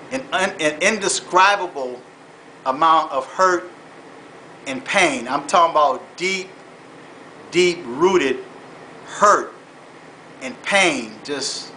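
A man vlogging, telling a personal dream earnestly and haltingly, repeating himself and moving into faith-based encouragement. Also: on the high side, sharp tone, slight background noise, poor audio. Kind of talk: personal storytelling turning into faith-based exhortation.

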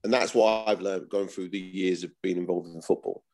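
A man's voice: deep voice, fairly even intonation, moderate pace, darkish tone. A man, talking bluntly as an interview guest, swearing and repeating himself. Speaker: former footballer, guest. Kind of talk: casual interview.

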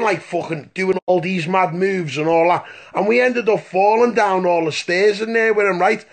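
A man's voice: high voice, breathy edge. Swearing man telling a yarn. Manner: rambling, profane, keeps checking in with "right?". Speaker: storyteller. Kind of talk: casual voice-note anecdote. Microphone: phone voice message.

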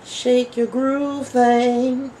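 A sleepy teddy bear. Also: male voice, level tone, drawn-out words, mellow, slight background noise, exaggerated voice. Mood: playful. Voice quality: squeaky falsetto. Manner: drawling, slangy, sing-song teasing. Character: sleepy, playful male teddy bear woken from hibernation.

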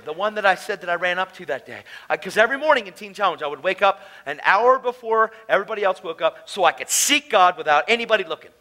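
A man telling his testimony at a conference, animated and casual, swinging between loud bursts and hushed asides. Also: high voice, low-quality recording. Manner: casual slangy talk. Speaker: conference speaker. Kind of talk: preaching personal testimony. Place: conference hall, live audience.

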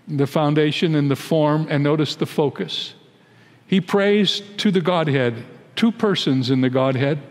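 An American man in his eighties, a pastor giving an emphatic, deliberate sermon in a large church. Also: medium pitch, long reverb tail. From United States. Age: 80s. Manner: emphatic, deliberate preaching that rises into pleading when quoting prayers.

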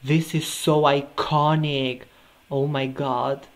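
A man's voice: fairly high pitch, steady tone, slow, a little hiss or hum. A man recording a music reaction video. He gushes with repeated exclamations of delight. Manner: gushing and effusive, repeating exclamations. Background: faint music from the video being watched.

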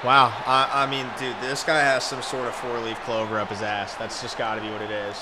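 A young man talks through his own video game play, cursing and muttering as it goes badly. His voice sits in the middle of the usual pitch range and breaks into sudden yells. A steady noise sits clearly behind him. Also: brisk. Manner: frustrated, cursing, swings from low mutters to sudden shouts. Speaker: gaming streamer. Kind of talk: live game commentary.

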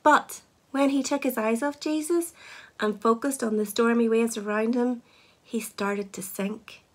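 A woman leading children's church, explaining a Bible lesson in a clear, teacherly way. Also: fairly high pitch, fairly even intonation, unhurried.

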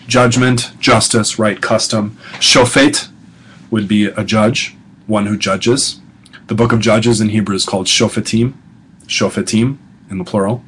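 A man with a fairly low voice leads a recorded lesson like a professor talking to his class. He repeats each vocabulary word slowly and drops casual, offhand asides between the terms. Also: a bit bright, slightly rough, low-quality recording. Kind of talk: recorded lecture guide.

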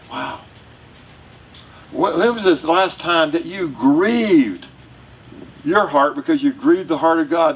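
A male pastor with a Southern US accent preaching a sermon in a conversational, joking way to his congregation. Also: fairly high pitch. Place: church sanctuary. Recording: distant mic with faint room noise.

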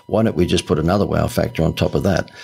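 A man's voice: extremely low pitch, steady tone, quick pace, gravelly, dark tone, a little hiss or hum. A middle-aged Australian man telling stories as a podcast guest, chatty and laughing often with many fillers. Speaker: guest, ad agency founder. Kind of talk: podcast interview storytelling.

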